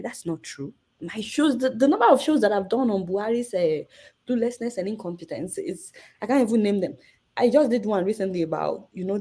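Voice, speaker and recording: A Nigerian woman journalist in her thirties, an interview guest telling a story with lively energy and acting out the voices in it. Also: medium pitch, breathy edge.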